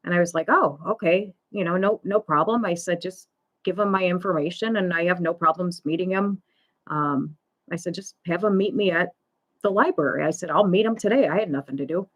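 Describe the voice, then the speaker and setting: A woman hosting a live talk on pet loss, slowly retelling a story in a conversational way, full of fillers and quoted dialogue. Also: lowish voice. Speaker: pet loss support host.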